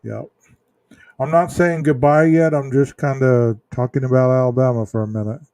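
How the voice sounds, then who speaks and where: A man hosting a true crime livestream, chatting casually with viewers in a slow, rambling way full of ums and restarts. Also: medium pitch, fairly even intonation, mellow, no echo. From Texas. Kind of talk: casual livestream chat reading viewer comments.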